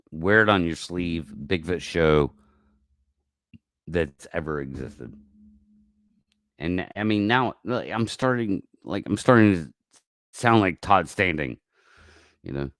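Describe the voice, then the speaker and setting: A man with a very deep voice rambles and swears through a casual livestream, his pitch leaping around as he talks. He drawls slowly, going from low mumbles to sudden loud outbursts. The sound is dry and close, with no room around it. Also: lively intonation, no room sound. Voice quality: profane, rambling. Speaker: livestream host.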